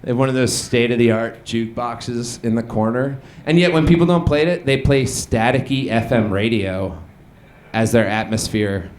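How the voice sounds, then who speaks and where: A young man doing a deadpan observational stand-up comedy set on a small bar stage, with some crowd work. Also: medium pitch, a little hiss or hum. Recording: echoey bar room with ambience.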